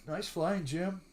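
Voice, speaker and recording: Unhurried older man chatting on a stream. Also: sits high, vocal fry, a bit bright. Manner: chatty storyteller who greets viewers by name; drawling, unhurried talk. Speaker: live stream host. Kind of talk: casual live stream chat.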